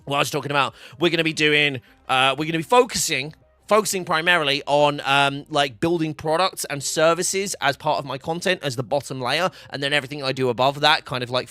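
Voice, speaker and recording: A man chats on his live stream from home, meandering through his plans with frequent ums and self-corrections. His voice is bright and forward, recorded dry and close with faint music underneath. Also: a little high, smooth, dry recording. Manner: rambling, many fillers and restarts. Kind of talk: casual live-stream chat. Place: home room.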